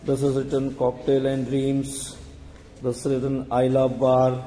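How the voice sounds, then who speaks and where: A man with an Indian English accent giving a casual vlog tour of a bar, talking slowly with many fillers and pauses. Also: medium pitch, monotone, warm tone. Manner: hesitant, many fillers, slow. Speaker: hospitality vlogger. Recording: long reverb in a hall.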